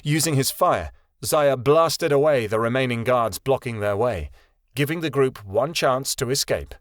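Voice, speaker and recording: A man narrating a fantasy audiobook in a steady, even storytelling voice. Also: mid-range voice, unhurried, dry recording, studio quality. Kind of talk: scripted narration.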